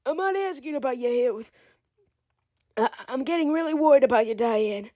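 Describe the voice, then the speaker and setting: Woman doing comedy skit banter, teasing and fussy, high lively voice. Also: moderate pace, no echo, clean studio sound. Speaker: comedic performer.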